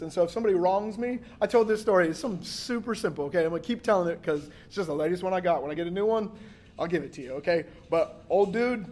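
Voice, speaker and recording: A man's voice: high-pitched, darkish tone. A man preaching a sermon as pastor, in a casual, joking way, acting out quotes and saying "like" a lot. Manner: casual, joking delivery with acted-out quotes and frequent 'like'.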